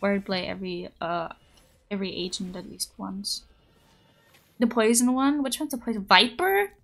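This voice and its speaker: Woman, twenties, streamer, raspy, hoarse, giggly, casual chat. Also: medium pitch, steady tone, moderate pace. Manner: bubbly, giggly, playful. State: just woken up, hoarse.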